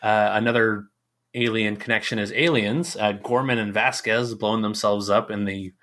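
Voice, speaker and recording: A man co-hosting a casual movie podcast, talking in a lively way and acting out lines from films as he recalls them. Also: fairly low pitch, moderate pace. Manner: lively, acts out quotes from films. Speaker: podcast co-host.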